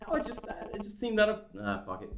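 A contrarian man on a casual podcast, talking fast and swearing as he disagrees. He sounds grumbling and dismissive. Noticeable room echo surrounds his voice. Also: high-pitched, huge pitch swings. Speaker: podcast co-host. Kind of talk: casual chat.

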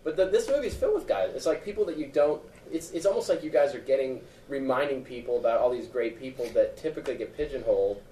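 A man's voice: mid-range voice, lively intonation, fast, few pauses, mellow, a little hiss or hum. A man hosting a podcast, asking loose, searching questions in a casual interview. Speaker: podcast host. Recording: echoey and distant from the mic.

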